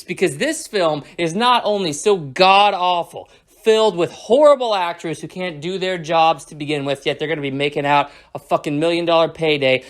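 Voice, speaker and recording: A reviewer tearing into a movie in a mocking, sarcastic rant, thick with profanity. The voice sits in a middle pitch and the delivery keeps sneering throughout. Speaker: film reviewer.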